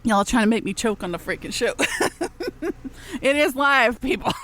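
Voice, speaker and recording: A woman's voice: a little high, sing-song, measured pace, background noise. A woman host, chatting casually on live radio, rambling and cheeky, laughing often between phrases.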